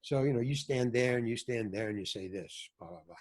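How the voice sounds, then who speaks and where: A man's voice: medium pitch, a little fast. An older man, an actor and director, telling loose, rambling stories as a podcast guest and often losing his thread. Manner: rambling, self-interrupting, loses his thread. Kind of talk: casual storytelling interview.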